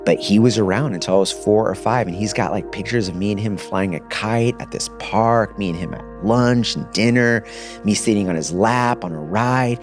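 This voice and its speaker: A man in his thirties with a very deep, low-pitched voice shares a personal testimony on a podcast. He talks in a casual, animated way, with loose slang. Faint music plays quietly underneath. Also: normal speed. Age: 30s. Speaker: podcast guest.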